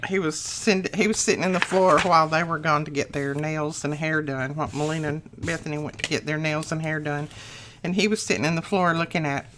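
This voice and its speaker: Her voice sits low with a fairly bright tone: an older woman hosting a crafting channel. She walks viewers through a project in a homey, easygoing manner, musing aloud while she works.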